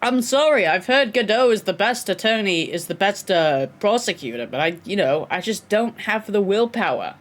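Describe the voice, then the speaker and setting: Chatty woman streamer, lively pitch. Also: normal speed, hardly any pauses. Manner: chatty, laughing asides to chat. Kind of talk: casual gameplay commentary.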